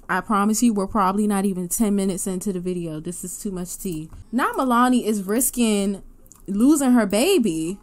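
A woman hosting her gaming channel, giving excitable casual commentary with loud gasps and outbursts. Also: mid-range voice, normal speed. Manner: excitable, gasping and laughing reactions, loud outbursts.

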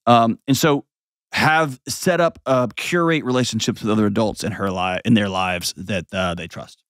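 A man's voice: lowish voice, moderate pace, fairly bright tone, no room sound, studio quality. A man in his forties hosting an advice show, talking emphatically and bluntly, with mocking put-on voices and heartfelt stories. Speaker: host giving advice. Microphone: studio mic.

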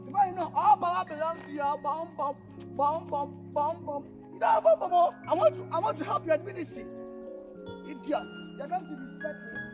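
A young actor with a Nigerian accent playing a brash, loud, teasing suitor who laughs and mocks. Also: male voice, very high-pitched, expressive, normal speed, music in the background. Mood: mocking loud. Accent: Nigerian English. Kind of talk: film acting.

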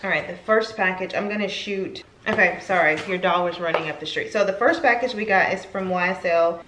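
A talkative woman in her thirties rambles to camera at home in a casual vlog. Her voice sits a little low, and the room around her rings with echo. A faint hiss runs underneath. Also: fairly quick. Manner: chatty, rambling, gets emotional at times. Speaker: lifestyle vlogger. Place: home, indoors. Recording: echoey room.

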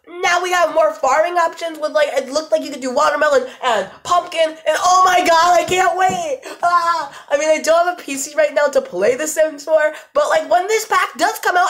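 A woman reacting to a game trailer, gushing and excitable, squealing and laughing between exclamations. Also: high-pitched. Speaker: gaming YouTuber.

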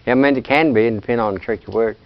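A man teaching a language class, talking in a relaxed, chatty way and laughing often. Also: mid-range voice, rapid-fire, lo-fi sound, a little hiss or hum. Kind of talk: classroom lesson.

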